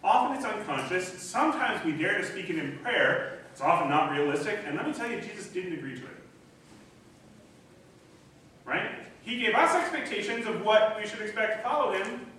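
A middle-aged man preaching a sermon as pastor, animated and acting out voices in the quoted dialogue. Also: high-pitched, normal speed. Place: church hall. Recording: echoey room from a distance, faint noise.

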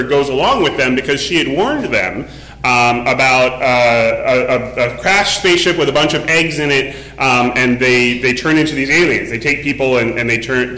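This pastor, a man in his forties, tells a story during a casual sermon, chatting along with plenty of fillers. His mid-range voice is bright and forceful, and the room is echoey.

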